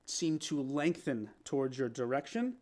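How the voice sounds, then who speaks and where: A man narrating as guest game master of a tabletop game, animated and laughing, with halting restarts. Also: mid-range voice, a crowd in the background.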